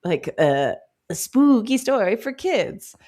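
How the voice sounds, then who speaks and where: A woman's voice: a little high, slow. A woman co-hosting a casual book club chat, playfully acting out characters' lines as she talks. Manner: expressive, quotes characters in playful voices. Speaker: podcast co-host.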